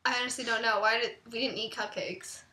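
A woman's voice: on the high side, fairly even intonation, fairly quick, sharp tone. A teenage girl vlogging, chatting playfully with a friend and giggling between lines. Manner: giggly, playful, talks in fits and starts. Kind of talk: casual chat.

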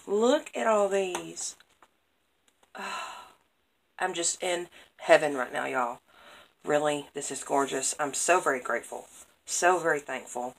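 A woman's voice: deep voice, measured pace, vocal fry, pauses often, rough recording. A woman, chatting casually to camera as she opens craft mail and gushes over every piece. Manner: gushing, excitable, repeats praise words. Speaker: craft vlogger opening happy mail.

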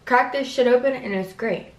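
A woman's voice: on the high side, moderate pace, echoey room, recorded from a distance. A young woman talking casually to the camera in a vlog, rambling and swearing as she chats about her day. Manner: rambling, swears casually, fillers and self-talk. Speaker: vlogger.

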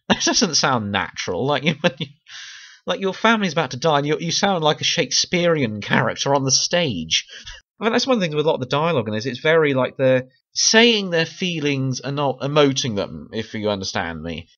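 A man's voice: mid-range voice, very animated, brisk, a bit bright. Chatty man, lo-fi sound. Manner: chatty, laughs often, many restarts. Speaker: video essayist. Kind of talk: casual chat review.

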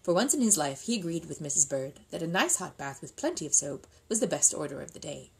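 A woman reading a children's book aloud in an expressive, lilting way. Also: deep voice, fast talker, creaky, low-quality recording. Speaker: reader.

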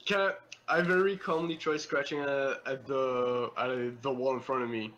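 A man playing a tabletop game in a casual, playful way with quick asides. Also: medium pitch, steady tone, a bit bright, rough recording. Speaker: player.

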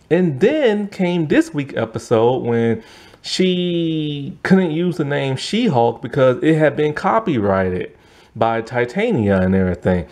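A man's voice: on the high side, measured pace. A man giving a casual, rambling review monologue with lots of fillers and frequent laughs, sounding tired. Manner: rambling, animated, laughs often, many fillers. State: yawning, tired. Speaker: movie and TV reviewer.

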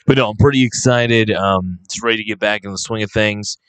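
A man talking casually to his viewers into a close microphone, rambling with fillers and restarts, a little hoarse and coughing now and then. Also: fairly low pitch, brisk, fairly bright tone, no echo. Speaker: vlogger. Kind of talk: casual unscripted talk to camera. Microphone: close handheld microphone.

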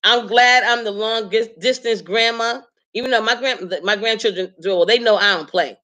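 A woman in her late forties hosting a live stream, chatting casually to her viewers with animated emphasis and frequent laughs. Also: fairly high pitch, normal speed. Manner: animated, emphatic, talks straight to the audience; laughs often while telling stories.

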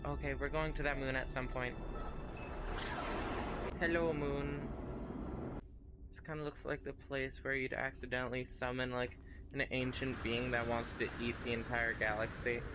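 A man giving casual, playful commentary while playing a game and chatting to the creatures on screen. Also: mid-range voice. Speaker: gaming video host.

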